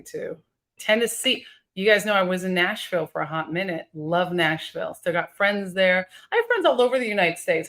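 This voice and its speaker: Livestream host, woman, casual and chatty, a bit low-pitched. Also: fairly bright tone. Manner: chatty, reads out viewer comments. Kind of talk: casual live-stream chat with viewers. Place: home office with high ceilings and skylights.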